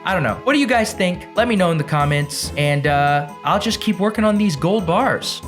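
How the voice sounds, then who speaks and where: A young man talks through his game in a lively, sing-song way, his pitch sitting a bit high for a man and bouncing all over. He's chatty and playful, flipping from excited bursts to quiet muttering. Soft music plays faintly underneath. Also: normal speed. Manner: chatty, playful, jumps between excited and mumbling. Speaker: gaming video host. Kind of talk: casual gameplay commentary.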